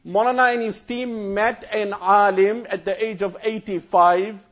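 Earnest male cleric, high-pitched voice, dull lo-fi sound, recounting an emotional scene. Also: fairly even intonation, a little slow, fairly bright tone. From South Africa. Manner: earnest, repeats phrases, breaks into chanted Quran recitation. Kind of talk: emotional first-hand recounting talk.

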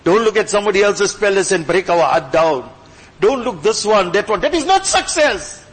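Male preacher, high voice, fervent sermon delivery, big hall echo. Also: very animated, normal speed. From Gujarati-speaking background. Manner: impassioned, swings between loud exhortation and hushed pleading. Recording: long hall reverb.

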